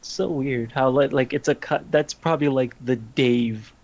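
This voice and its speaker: A man's voice: medium pitch, moderate pace, a little mellow, rough recording. Laughing man in casual wrestling chat. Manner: laughs often, acts out quoted voices. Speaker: podcast co-host.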